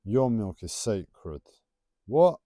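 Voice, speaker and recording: A man rambling through a casual spiritual musing, his pitch rising and falling a lot as he teases. His voice is mellow and soft-edged, and the recording is dry and close. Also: sing-song, measured pace, dry recording. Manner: playful, rambling, teasing. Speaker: livestreamer.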